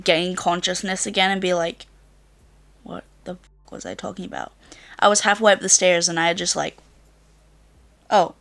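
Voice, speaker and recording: A young woman in her late teens chatting casually to camera as a vlogger, rambling through a story with lots of "like" and the odd swear. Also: fairly low pitch. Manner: rambling storyteller, filler-heavy with frequent "like", swears.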